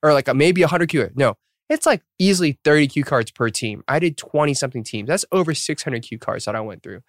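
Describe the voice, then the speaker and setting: A man's voice: on the high side, expressive, quick pace, no room sound. Dry-sounding man chatting, full of fillers. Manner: rambling, filler-heavy, laughs at himself. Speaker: podcast host. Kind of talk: casual podcast chat.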